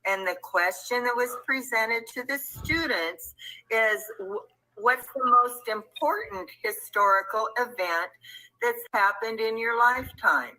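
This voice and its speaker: Very bright-voiced woman teacher. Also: a little high, expressive, unhurried, low-quality recording. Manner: polite, patient, explaining.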